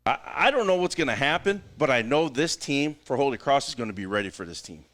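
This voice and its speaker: A man's voice: medium pitch, quick pace. A man co-hosting a sports podcast, hyping picks with whoops and laughter. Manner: excitable, hype, whoops and laughs. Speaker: podcast co-host. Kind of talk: casual sports banter.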